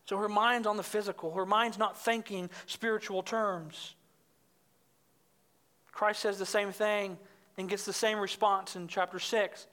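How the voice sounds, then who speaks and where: A woman preaching from the pulpit with a bright, forceful voice. She works through scripture in an expository sermon and presses her points home with emphasis, climbing higher and louder as she builds. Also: steady tone, unhurried. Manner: emphatic, rises in pitch and volume when stressing points.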